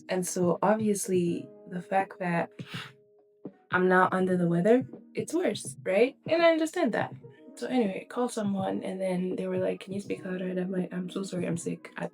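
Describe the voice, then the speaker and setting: A young woman vlogging to camera in a casual, tired, rambling way, with a low, quiet voice.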